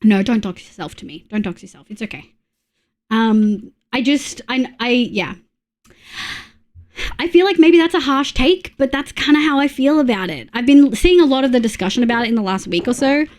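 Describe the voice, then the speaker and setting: A woman's voice: fairly high pitch, animated, moderate pace, a little mellow. A young Australian woman streaming live, chatting casually and bluntly with her chat while she plays, greeting viewers and humming as she builds.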